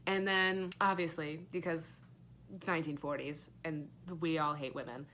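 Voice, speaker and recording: Young woman ranting casually about a book, kinda low voice, lots of swearing and fillers, faint background noise. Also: little pitch movement, moderate pace, fairly bright tone. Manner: rambling, sarcastic, swears a lot, many fillers. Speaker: book reviewer. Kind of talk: casual book review chat.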